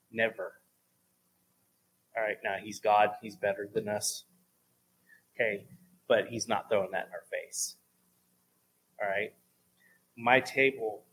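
A man telling lively stories about faith in a casual talk, going soft and low at times for emphasis. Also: husky. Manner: animated storyteller, drops to a soft voice for emphasis.

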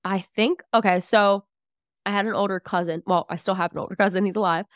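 A woman's voice: mid-range voice, steady tone, fairly quick, no room sound, studio quality. A woman in her twenties, a podcast guest telling a personal story in a chatty, filler-heavy way. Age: 20s. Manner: chatty, filler-heavy, acts out family dialogue. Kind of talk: casual storytelling.

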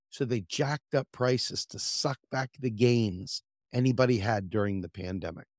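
A man's voice: mid-range voice, darkish tone, no echo, studio quality. A man delivering a blunt, profane political commentary monologue as host of his own show.

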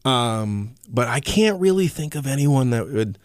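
A man hosting his own podcast in casual chat, rambling and animated, with lots of fillers and the odd curse. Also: mid-range voice, a little slow, dry recording, studio quality. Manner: rambling, animated storyteller with frequent fillers and profanity. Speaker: podcast host.

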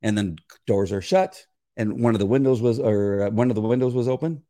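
A man's voice: lowish voice, brisk. An older man, a regular on a talk show, explaining scent detection in casual chat and acting out conversations. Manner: animated, acts out quoted exchanges in a raised voice.

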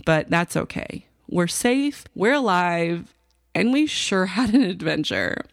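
A woman tells a personal story to her listeners in a casual, chatty way. She tosses in fillers and asides as she goes. Her voice sits low with a gravelly fry, and the recording sounds dry and close. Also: animated, takes it slowly, dry recording. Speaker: podcast host telling a personal story.

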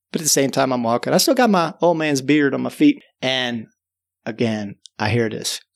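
Animated male storyteller with a lively voice. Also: mid-range voice. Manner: animated, conversational, chuckling. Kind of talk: spoken storytelling.

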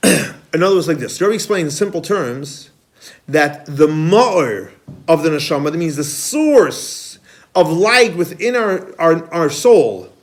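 A man teaching a Kabbalah class as a rabbi, animated, quizzing students and repeating key points. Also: on the high side, a little slow. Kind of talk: classroom lecture.

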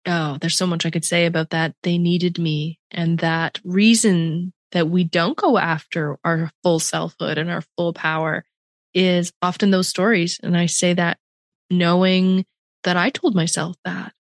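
A woman's voice: on the low side, a little slow, no room sound. A middle-aged Canadian woman hosting an interview, talking in a reflective, emphatic way. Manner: reflective, emphatic, animated in places. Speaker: podcast host. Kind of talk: conversational interview.

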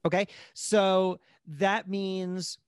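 Guy chatting on a podcast, kinda high voice, lots of restarts and asides, dead dry mic. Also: clear, resonant tone, no room sound. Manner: animated storyteller, fast asides, frequent restarts. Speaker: guest, magazine editor-in-chief. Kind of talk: casual interview talk.

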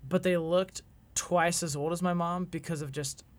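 A podcast guest in his twenties tells a personal story earnestly and reflectively, halting and restarting as he goes. His voice is on the high side with a steady tone.

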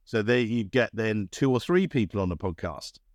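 Low-voiced man, chatty and rambling. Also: animated, moderate pace, dry recording. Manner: chatty, rambling, self-promoting with dry humor. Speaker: podcast guest, recruitment CEO. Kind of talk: casual interview talk.

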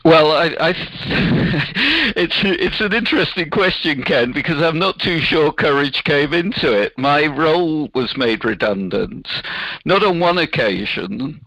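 A man's voice: on the high side, lively intonation, unhurried, bright, forceful tone, no room sound, dull audio. A man, a business founder answering interview questions in an earnest, explaining way.

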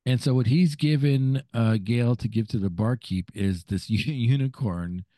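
Mellow-voiced man recapping a TV episode. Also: mid-range voice, no echo. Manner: recounts scenes step by step, halting and searching for words. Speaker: podcast co-host. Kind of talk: casual episode recap chat.

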